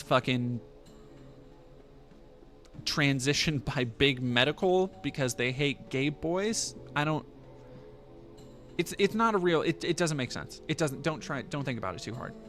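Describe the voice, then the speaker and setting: Casting Male streamer, mid-pitched, reads news aloud and cuts in with sarcastic, sweary asides. Faint music underneath. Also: fairly bright tone. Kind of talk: casual commentary on a news article.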